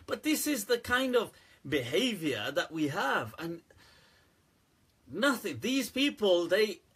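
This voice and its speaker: Answering viewer questions on a laid-back livestream, this host speaks unhurriedly and pauses often, laughing frequently as he chats candidly and with animation. He has a slightly husky voice pitched a little high for a man, and his remarks sound unscripted and conversational.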